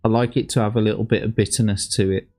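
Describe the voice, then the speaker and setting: A man's voice: lowish voice, little pitch movement, quick pace, darkish tone. A man casually commenting on a livestream, rambling and sweary with plenty of slang. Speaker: streamer reacting to old adverts.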